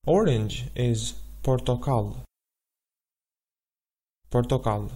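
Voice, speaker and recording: Slow, patient man teaching a language. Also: mid-range voice, dark tone. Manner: patient, repeats each word slowly. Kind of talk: slow spelled-out language lesson.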